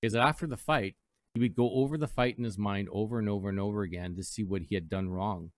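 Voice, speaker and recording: A man with a fairly low voice, hosting live radio from a dry, close-miked studio. He rambles casually through reflections and stories, slipping into playful mock voices now and then. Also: quick pace, dry recording. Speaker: radio host.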